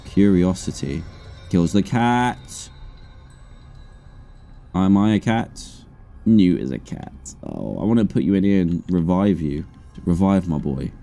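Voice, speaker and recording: Excitable man reacting to a game. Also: slow, gravelly, pauses often, soft background music. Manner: excitable, animated reactions with high yelps. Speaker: gaming streamer. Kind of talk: let's play commentary.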